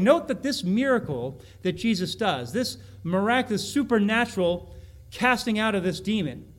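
High-voiced male preacher explaining scripture. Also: lively intonation, moderate pace. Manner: reads scripture aloud, then explains it with frequent restarts. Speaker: pastor. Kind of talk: expository sermon.

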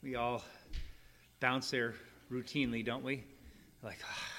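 A middle-aged man preaching a sermon as pastor, conversational and casual, then rising into animated, emphatic scripture reading. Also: mid-range voice, unhurried, pauses often.

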